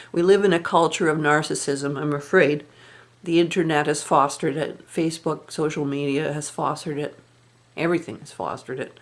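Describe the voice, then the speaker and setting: A woman telling a personal story in a candid, rueful and reflective way, sighing now and then. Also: sits low. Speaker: vlogger.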